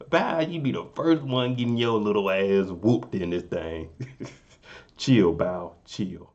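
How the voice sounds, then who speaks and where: A young man casually recapping a TV episode in a relaxed, joking way, often asking "you know what I'm saying". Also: lowish voice, a little slow, dull audio. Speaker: recap vlogger.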